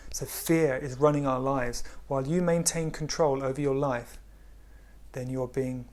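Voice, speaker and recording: Male spiritual teacher, gentle and slow, hushed delivery, mid pitch. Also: fairly even intonation. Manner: gentle, unhurried, often drops to a hush. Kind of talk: spiritual talk.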